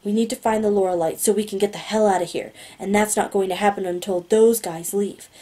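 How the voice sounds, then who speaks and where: A woman's voice: mid-range voice, fairly even intonation, a little fast, lightly acted. A woman reading an audiobook, voicing a young man who whispers grimly and urgently. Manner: hushed and grim, urgent. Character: wry young male teleporter, grim, whispering. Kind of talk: audiobook character voice.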